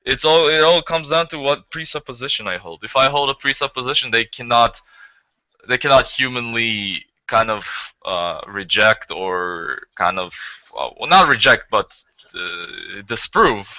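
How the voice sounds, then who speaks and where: A man's voice: mid-range voice, lively intonation, a little slow, pushed and bright, no echo, muffled recording. A man rambling and joking in a casual online group chat, laughing often.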